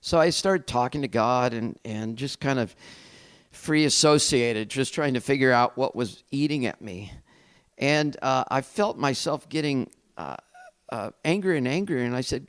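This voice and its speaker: A middle-aged man speaks as a pastor sharing a personal testimony, his pitch sitting squarely in the middle range. He tells his story candidly and reflectively, with a self-deprecating edge. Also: lively intonation, measured pace.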